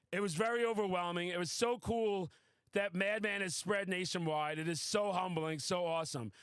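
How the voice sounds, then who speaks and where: A man hosting a podcast, telling a wild story in a casual, excitable, boastful way and swearing freely. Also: high voice, no echo. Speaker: podcast host. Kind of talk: casual chat.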